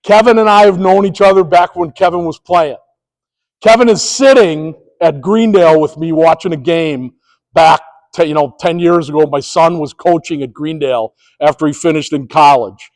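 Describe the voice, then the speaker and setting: A man's voice: a little high, big-room sound, low-quality recording. A middle-aged man, a former police officer, giving a presentation to sports officials, telling stories and acting out quoted dialogue. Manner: storytelling, animated, acts out quoted dialogue.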